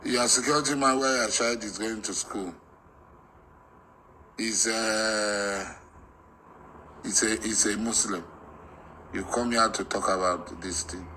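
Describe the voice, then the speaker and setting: Forceful defiant man, sharp bright voice. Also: fairly low pitch, fairly even intonation, slow, long pauses, a little hiss or hum, rough recording. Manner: forceful, repetitive, defiant, rising to shouts. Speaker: political activist. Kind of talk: heated monologue.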